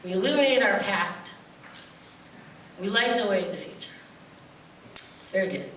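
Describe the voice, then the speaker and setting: A woman from upstate New York tells loose, joking stories full of asides, with a bright, fairly high voice. She is heard from a distance in a very echoey theater, and a faint hum of the room sits underneath. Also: lively intonation, normal speed. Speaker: poet performing at a festival. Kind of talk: rambling comic stage storytelling. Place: theater stage before an audience.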